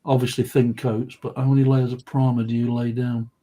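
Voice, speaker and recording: Male host, casual, husky, mid pitch. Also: level tone, a little fast, warm tone, low-quality recording. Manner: steers the chat, calls on guests by name. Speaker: host of a modelling live chat. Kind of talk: casual chat.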